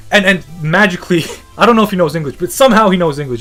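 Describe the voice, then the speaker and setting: A man's voice: high voice, very fast, few pauses, soft background music. A man hosting a comedy podcast, riffing in a rambling, profane, swaggering way. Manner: profane, animated, swaggering storytelling. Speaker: podcast host.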